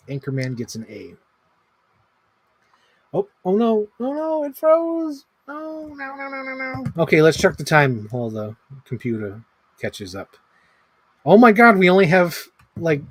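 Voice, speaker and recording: A man in his thirties ranks movies on a livestream, chatting casually and rambling, swearing freely and saying "like" constantly. His voice is mid-range and husky, recorded with no echo.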